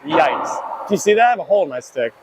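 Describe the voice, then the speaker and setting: A man's voice: a little high, animated, quick pace. A young man from Ohio, a college hockey player out of breath, chatting and joking in a rambling, self-mocking way through a body mic at an indoor rink. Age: young adult. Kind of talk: casual mic'd-up practice commentary. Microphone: wireless body mic worn while skating. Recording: noisy rink ambience.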